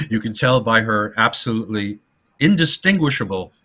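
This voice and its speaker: A man's voice: lowish voice, moderate pace. A man co-hosting a podcast, chatting casually about an old film and acting out the lines in different voices. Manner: animated retelling, acting out quotes in voices. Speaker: podcast co-host.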